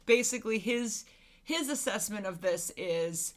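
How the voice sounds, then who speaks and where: Podcast co-host, a woman in her thirties. She talks in an animated, chatty way and breaks into laughter. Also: mid-range voice, a little slow. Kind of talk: casual movie-discussion chat.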